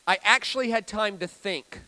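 A high-voiced man preaches with bright, forceful energy. He tells stories in a chatty way and asks the crowd questions. He swings from booming to hushed for drama. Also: moderate pace. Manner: animated, dramatic preaching with sudden loud and soft swings; conversational, asks the audience questions. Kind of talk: storytelling sermon.

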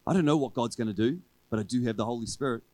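A man preaching a sermon to his church in a relaxed, conversational way, driving his points home with repeated refrains. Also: mid-range voice, racing, no echo, poor audio. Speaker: pastor. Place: church service with a congregation.

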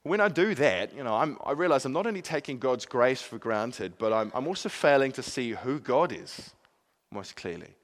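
A man preaching a sermon in an earnest way, swinging from emphatic peaks to quiet, soft passages. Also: mid-range voice, expressive, normal speed.

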